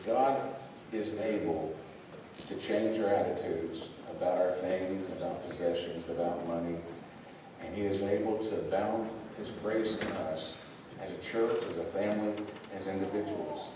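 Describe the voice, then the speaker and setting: A man's voice: deep voice, measured pace, background noise. A man preaching a sermon as pastor, reflective and urging the congregation. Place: church sanctuary. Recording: echoey church from a distant mic.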